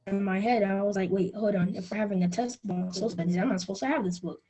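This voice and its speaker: A woman's voice: mid-range voice, steady tone, quick pace, warm tone, slightly rough. A student on an online class call, eagerly chatting and sharing news with her teacher.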